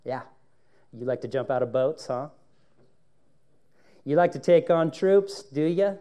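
A mocking male devil taunts with sly, teasing questions, voiced by a preacher. The voice sits fairly high yet stays mellow and warm in tone. He sounds greedy and sneering throughout. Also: expressive, measured pace.

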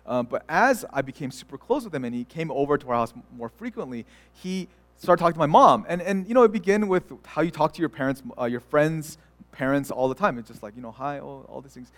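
High-voiced young pastor, chatty sermon. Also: male voice, animated, fast. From United States. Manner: conversational storytelling with many fillers and restarts.

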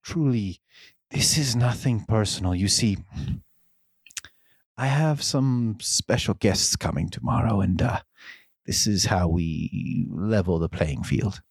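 A man voicing a menacing, smooth-talking jailer who speaks softly and slowly. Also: fairly low pitch, dry recording, studio quality, exaggerated voice. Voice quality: soft, slow, threatening.

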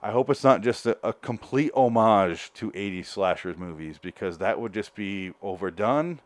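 A man's voice: lowish voice, animated, moderate pace, dry recording. A man hosting a solo podcast, reviewing an episode in a rambling, joking way that keeps correcting itself. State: out of breath. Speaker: podcast host.

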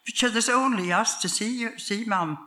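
A woman's voice: a little high, normal speed, pushed and bright, pitched above the performer's own voice. An older woman with a Northern Irish accent voicing her cheerful, teasing grown-up daughter in a told story.

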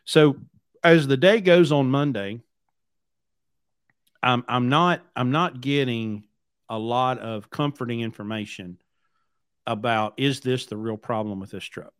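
A podcast host who owns a trucking company tells a long, casual story, rambling and blunt, repeating words along the way. His mid-range voice is clear and resonant, measured with long pauses, in echo-free studio-quality audio.

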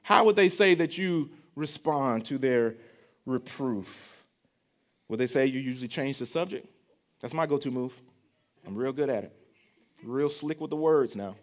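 A man's voice: medium pitch, animated, a little slow, long pauses. A young adult man, preaching a sermon in a conversational style, repeating phrases and asking the congregation questions. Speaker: pastor.

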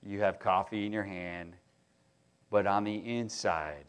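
A middle-aged man preaching a sermon, talking in a casual, animated way and often restarting his sentences as he tells stories. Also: lowish voice, unhurried, smooth. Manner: conversational, animated storytelling with many restarts. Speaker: pastor.

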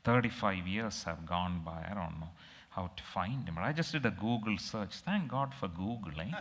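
A middle-aged man preaching, telling a personal story in a halting, emotional, reflective way. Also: low voice, animated, fairly bright tone, long reverb tail.

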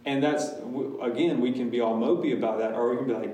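Man, pastor, candid classroom Q&A, mid pitch, distant mic in a very reverberant room. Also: fairly quick, warm tone. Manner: candid, talks in restarts and asides. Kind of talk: casual Q&A with a church class.

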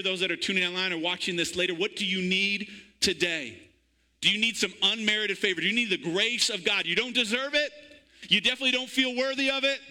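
A pastor preaches a sermon in church in call-and-response style, calling out to the congregation for an amen. His voice is high-pitched, pushed and bright, and the recording quality is low.

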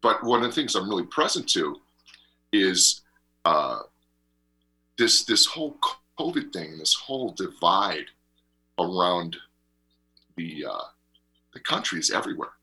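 A man co-hosting a radio talk show, telling a rambling travel story in an animated way and laughing often. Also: low-pitched, measured pace, long pauses, slightly rough. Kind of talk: casual chat and travel storytelling.

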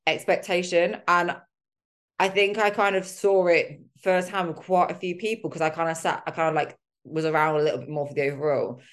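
A woman chatting on her own podcast in a low, grounded voice. She talks loosely and openly, with plenty of "like"s and the odd mild swear word, recorded close on a home mic. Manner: candid and chatty, with mild swearing and lots of fillers. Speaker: podcast host. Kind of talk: casual solo podcast chat.

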